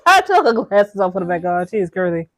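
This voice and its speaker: A woman hosting a casual movie reaction, animated and stammering, talking back at the screen. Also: mid-range voice, a little fast. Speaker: reaction video host.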